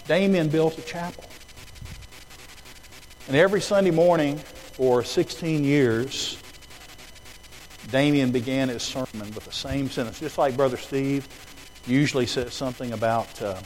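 A preacher delivers his sermon in a church auditorium. His voice sits at a middle pitch and swings between hushed storytelling and loud, emphatic calls to the crowd. Faint noise runs under the recording. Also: a little slow, pauses often, rough recording.

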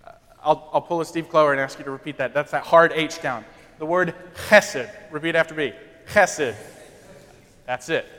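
A young man preaching a lively sermon, his voice sitting high for a man. He breaks into quick asides and acts out the lines he quotes. A long reverb trails every phrase through the large hall. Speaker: pastor.

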